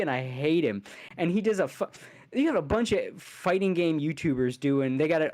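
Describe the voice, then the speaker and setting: A man on a casual podcast, ranting in an angry, profane, heated way with sudden fast bursts. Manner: fast bursts and sudden loud jumps in pitch. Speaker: podcast co-host.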